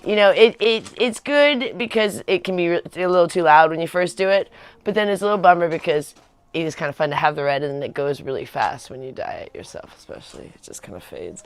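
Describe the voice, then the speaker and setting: A woman's voice: lowish voice, clean tone, dry recording. A woman in her forties chatting casually on a livestream, rambling with many fillers and restarts. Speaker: vlogger on a livestream.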